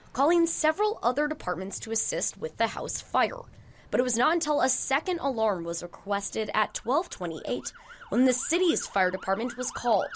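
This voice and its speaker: A woman reporter narrating a news investigation in a measured, formal delivery. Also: a little high. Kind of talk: scripted news narration and interview questions.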